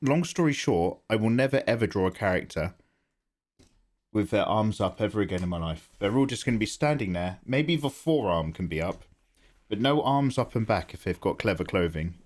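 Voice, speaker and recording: A man's voice: fairly low pitch, lively intonation, normal speed, darkish tone. A man chatting casually on a live stream while he draws, thinking aloud and greeting viewers by name. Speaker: livestreaming artist.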